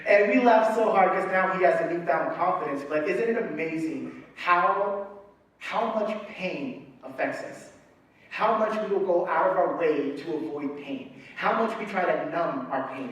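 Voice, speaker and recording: A middle-aged man preaching a sermon, telling a family story with lively acted-out voices. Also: high-pitched. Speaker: pastor. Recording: echoey hall, speaker far from mic.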